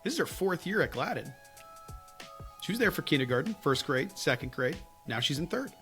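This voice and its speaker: Male podcast co-host, forceful bright tone, chatty storyteller, quiet music bed underneath. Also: fairly high pitch, a little fast. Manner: animated, laughing storyteller. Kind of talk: casual podcast chat.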